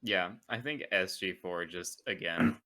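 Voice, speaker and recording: A man's voice: low-pitched, measured pace, sharp tone, no room sound. A man playing a tabletop game, answering briefly and laughing often. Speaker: player. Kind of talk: casual tabletop game chat.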